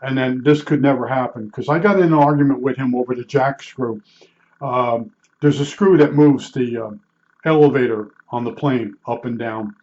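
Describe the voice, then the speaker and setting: A man's voice: medium pitch, steady tone, moderate pace, darkish tone, dull audio. An older man from New Jersey telling rambling, blunt stories from his working life, with lots of restarts and salty asides. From Newark, New Jersey. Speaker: vlogger recalling his work as a meter calibrator. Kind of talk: rambling casual storytelling.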